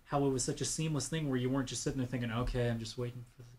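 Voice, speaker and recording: A man's voice: mid-range voice, fairly even intonation, racing, a little mellow. A man from Canada hosting a casual podcast, telling a story in a rambling way and acting out the quotes. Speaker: podcast host.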